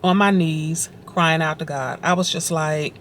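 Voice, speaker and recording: A woman's voice: sits low, steady tone, a little slow, slight background noise. A woman vlogger telling her personal faith story in a conversational, reflective way, often repeating phrases for emphasis. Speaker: vlogger sharing her testimony.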